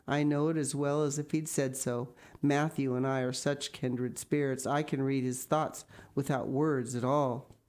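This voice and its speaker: A woman's voice: rumbling low, fairly even intonation, unhurried, darkish tone. A woman reading an audiobook, voicing an eager, talkative young girl who gushes. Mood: confident. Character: chatty, imaginative young girl.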